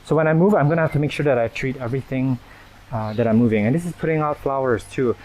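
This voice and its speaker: A man's voice: medium pitch, fast talker, darkish tone, rough recording. Chatty man touring his houseplants. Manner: chatty, self-deprecating, laughs often. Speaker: plant channel host. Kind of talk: casual walkthrough tour. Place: indoor plant collection and nursery.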